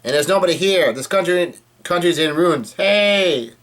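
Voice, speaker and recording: A man doing a brash, shouting young pirate captain. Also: a little high, moderate pace, voice pushed up. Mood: excited. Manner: shouting out, excitable.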